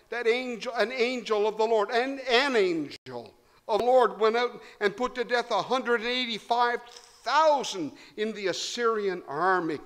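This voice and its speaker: A man preaching a sermon, swinging between loud emphasis and hushed low tones. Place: church hall. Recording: long hall reverb.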